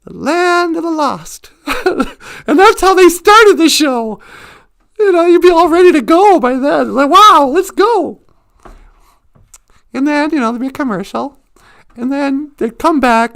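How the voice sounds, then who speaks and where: A woman telling a humorous story on a live stream, animated and joking, laughing along the way. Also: high-pitched, moderate pace.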